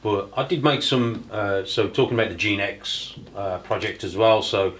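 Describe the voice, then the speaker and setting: Halting low-voiced man. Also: a bit bright, a little hiss or hum, poor audio. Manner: halting, with many fillers and restarts. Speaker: snake breeder guest. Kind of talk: casual round-table chat.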